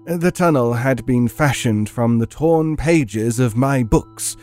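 A male narrator delivers first-person horror narration in a vivid, theatrical manner, his voice at a middle pitch. He builds dread with heated, emphatic phrasing. Soft music sits quietly underneath. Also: slow pace.

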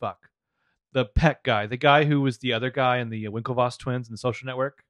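Animated man recapping a show. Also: medium pitch, fairly quick, no room sound, studio quality. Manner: animated, rambling. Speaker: podcast co-host recapping a TV show. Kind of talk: casual chat.

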